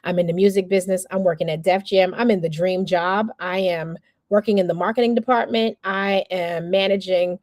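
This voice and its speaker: A woman's voice: lowish voice, fairly even intonation, fairly quick, a little mellow, no room sound, clean studio sound. Candid woman coach telling her story. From New York area. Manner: candid, storytelling, acts out quoted people. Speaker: PR and communications coach. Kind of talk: masterclass talk with personal story.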